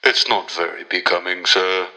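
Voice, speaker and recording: A man's voice: sits low, moderate pace, bright, forceful tone, a little hiss or hum, pitched below the performer's own voice. A man voicing a stiff, formal male butler who addresses his boss as sir.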